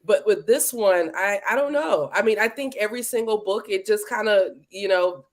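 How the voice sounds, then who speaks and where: A woman's voice: mid-range voice, moderate pace. A woman hosting a live interview stream, chatting casually and playfully and greeting viewers by name. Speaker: livestream host. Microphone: livestream setup.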